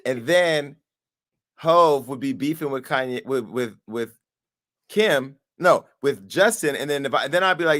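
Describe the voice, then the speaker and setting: A man hosting a talk show, commenting on interview clips and spinning animated, profane stories. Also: medium pitch, unhurried. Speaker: show host.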